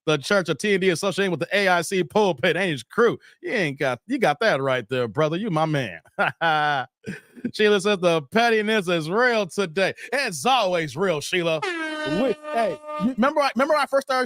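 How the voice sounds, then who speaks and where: A man's voice: high-pitched, fairly bright tone, a little hiss or hum. A man hosting a live stream, casually chatting and reading comments in a playful, laid-back, trash-talking way. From Chicago area.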